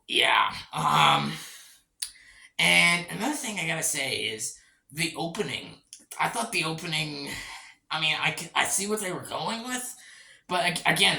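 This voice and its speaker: A rambling reviewer with a gravelly, bright voice talks through a movie in a loose, casual way. The pitch moves a lot as they repeat themselves and trip over words. The sound carries the echo of a bare room. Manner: rambling, repeats itself, restarts phrases, swears and laughs often.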